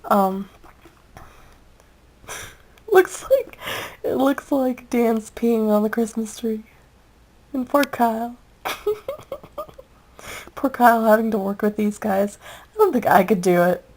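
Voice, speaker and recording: Young woman, casual video review, unhurried delivery, giggly, rambling, gushing. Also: fairly high pitch, lively intonation, darkish tone, a little hiss or hum, poor audio. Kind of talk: casual chat.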